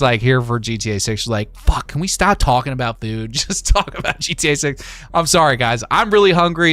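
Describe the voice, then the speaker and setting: A relaxed young man chats through a livestream, drifting between stories and chat messages with plenty of fillers and easy laughs. His voice is bright and clear, recorded dry and close. Faint music plays underneath. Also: mid-range voice, dry recording. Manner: rambling, laid-back, many fillers and laughs. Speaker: livestream host.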